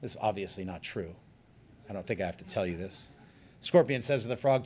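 A male pastor giving an earnest sermon, slowing down to stress key points. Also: lowish voice, lively intonation, a little mellow. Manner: earnest, emphatic preaching with slowed stresses.

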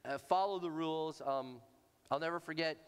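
A man preaching a sermon, telling a family story in an animated, repetitive way to a congregation in a large hall. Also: on the high side, normal speed, smooth. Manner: animated, repetitive anecdotal delivery. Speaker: pastor. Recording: long reverb in a large hall.

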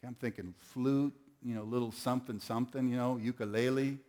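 A man's voice: medium pitch, fairly even intonation, fairly quick, a little mellow. A middle-aged man preaching a sermon, telling folksy stories and calling on the audience to answer. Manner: folksy storytelling, calls on the audience.

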